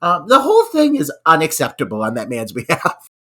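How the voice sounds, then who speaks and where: A man's voice: a little high, wildly swooping pitch, a little fast, sharp tone. A man co-hosting a podcast, ranting in exasperation about a film scene, swearing and laughing. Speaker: podcast co-host. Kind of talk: casual film review chat.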